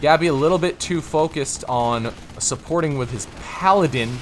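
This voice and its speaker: A man's voice: fairly high pitch, normal speed, few pauses, a little hiss or hum. A man casually commentating a strategy game on a live stream, rambling, interrupting himself and chuckling often, with game gunfire behind him.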